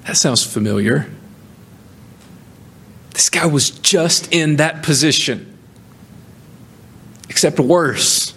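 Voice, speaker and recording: A male pastor delivers a sermon in an ordinary, medium-pitched voice. He builds his points with emphatic rises, pushing his voice upward on the questions, then drops lower to read and explain the scripture. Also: takes it slowly, long pauses, husky. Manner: animated preaching with rising emphatic peaks.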